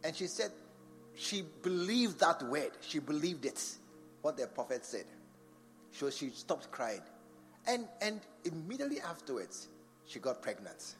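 A man's voice: mid-range voice, fairly bright tone. A man preaching a sermon in a large church, firing rhetorical questions at the congregation. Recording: long church reverb with faint music behind.

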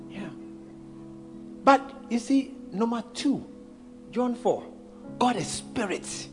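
Animated male preacher. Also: high-pitched. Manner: playful, animated storytelling with laughter. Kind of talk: sermon.

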